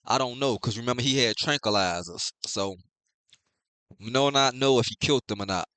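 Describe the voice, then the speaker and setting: A young man casually recapping and reacting to a comic chapter, loose and profane, reading out the dialogue flatly. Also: medium pitch, normal speed, no echo. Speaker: manga reviewer.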